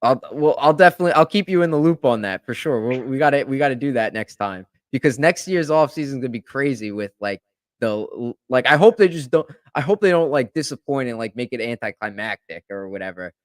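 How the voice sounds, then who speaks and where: A man hosting a podcast, talking in a rambling, animated way with lots of fillers. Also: medium pitch, fast talker, no echo, clean studio sound. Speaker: podcast host. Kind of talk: casual chat.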